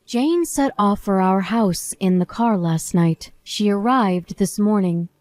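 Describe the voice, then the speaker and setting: A woman's voice: mid-range voice, slow, darkish tone, dry recording, natural voice. A woman voicing a stern, protective middle-aged mother confronting her son-in-law.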